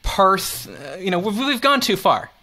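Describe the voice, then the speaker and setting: A man's voice: high voice, very animated, a little slow, bright, forceful tone. A man hosting a podcast, joking around and rambling playfully in casual chat. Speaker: podcast host.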